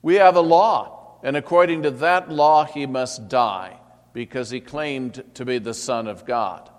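A man shouting as an enraged crowd demanding death. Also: mid-range voice, measured pace, lightly acted. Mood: furious shouting. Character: crowd of priests and people, enraged. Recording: long hall reverb.

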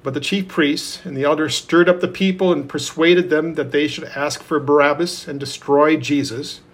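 A man reading scripture aloud in a steady, measured way. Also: fairly high pitch. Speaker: scripture reader.

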